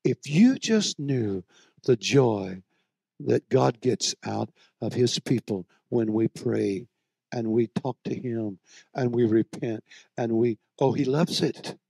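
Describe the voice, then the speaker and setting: A man preaching a sermon, moving between soft, low storytelling and loud, shouted exhortation. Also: lively intonation, slow, vocal fry, husky, dry recording, studio quality.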